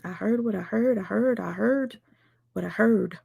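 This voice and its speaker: A woman ranting on her livestream, firing rhetorical questions at her viewers, swearing often and talking fast and emphatically. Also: mid-range voice, gravelly, darkish tone, husky, no room sound, studio quality. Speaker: livestream commentator. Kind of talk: heated livestream rant.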